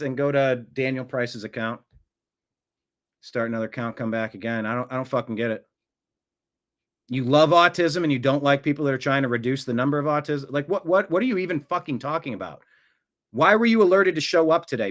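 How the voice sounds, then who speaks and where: A man's voice: medium pitch, animated, a little fast, fairly bright tone. A man hosting a live-stream show, muttering to himself as he fixes settings and breaking into profane, confrontational demands aimed at a commenter. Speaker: livestream show host.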